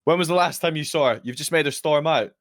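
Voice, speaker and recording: A man's voice: on the high side, fast. A man playing a character in a tabletop game, pleading and rambling as he stumbles over his words. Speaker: player. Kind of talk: in-character tabletop role-play.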